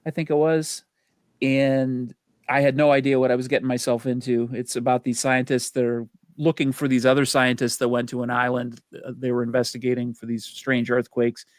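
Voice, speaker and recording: A man's voice: medium pitch, level tone, moderate pace, dry recording, clean studio sound. A man co-hosting a movie podcast, chatting casually with easy chuckles and reading off ratings and facts. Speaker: podcast co-host. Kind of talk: casual chat about movies.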